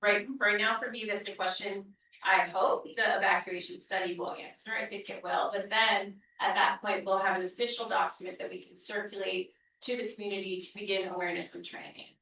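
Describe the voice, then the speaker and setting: Gravelly-voiced woman in a far, echoey room. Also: mid-range voice, little pitch movement, a little fast, sharp tone, a little hiss or hum. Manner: thoughtful, hedging, with frequent fillers. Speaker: community member. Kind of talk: community meeting discussion. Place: community meeting room.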